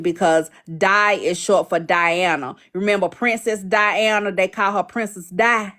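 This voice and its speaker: A woman's voice: medium pitch, a bit bright. A woman hosting a live stream, chatting casually and teasing her viewers. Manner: chatty, teasing, drawn-out asides.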